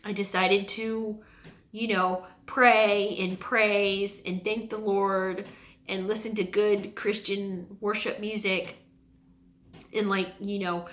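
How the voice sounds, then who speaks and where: A woman vlogger sharing a personal faith testimony from her home basement, earnest and halting, with many pauses and restarts. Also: mid-range voice, fairly bright tone. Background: washing machine running.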